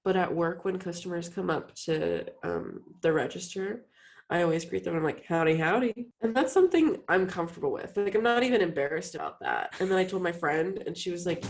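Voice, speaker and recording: A woman's voice: fairly low pitch, expressive, brisk. A young woman co-hosting a podcast, telling rambling, self-deprecating stories in casual chat. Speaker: podcast co-host.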